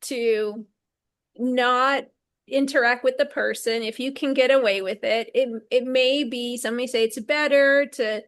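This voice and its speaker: A woman's voice: fairly high pitch, steady tone, unhurried. A woman hosting a casual chat, agreeable and drawing the others out with questions. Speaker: host.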